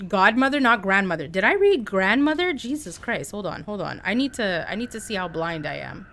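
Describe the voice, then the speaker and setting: A woman streaming a game live, chatting excitably with her viewers as she plays. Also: mid-range voice, brisk, hardly any pauses. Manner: excitable, chatty, talks to chat. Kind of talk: live gameplay commentary.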